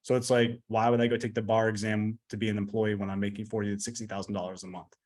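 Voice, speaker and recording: A man's voice: lowish voice, flat delivery, fast talker, darkish tone. A man in his thirties, a podcast guest talking bluntly and profanely, rambling with lots of fillers. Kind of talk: casual podcast interview.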